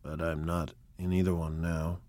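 Gatsby, a man doing a low, hushed, charming rich host. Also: little pitch movement, moderate pace, natural voice. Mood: evasive. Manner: hushed, low and confiding, with repeated "old sport". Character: charming wealthy man, eager yet evasive host.

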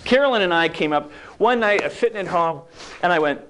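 A man delivers a motivational talk in a loose, conversational way. His voice sits a little high for a man, and he keeps it light with jokes and acted-out asides. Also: very animated, a little fast, fairly bright tone. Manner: conversational, jokey, acts out quoted lines. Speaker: speaker giving a talk.

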